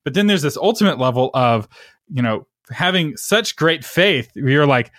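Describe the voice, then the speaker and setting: Man, mid pitch, very animated intonation, teaching tone, dry close mic. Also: moderate pace, no room sound. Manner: explanatory, preacher-like, checks in with "right?". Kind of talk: casual faith conversation.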